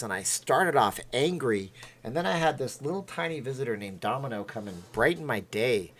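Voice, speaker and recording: Man, livestream host, casual chat, rambling, very animated pitch. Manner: rambling, chatty, reacting aloud to chat. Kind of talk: casual livestream chat, reading viewer comments.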